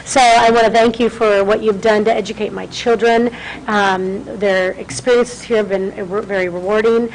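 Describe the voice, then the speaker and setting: A woman's voice: medium pitch, fairly even intonation, normal speed, a little hiss or hum, rough recording. A middle-aged woman, a city councilwoman, speaking as a guest at a school board meeting, chatty and self-deprecating, full of thanks. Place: meeting room.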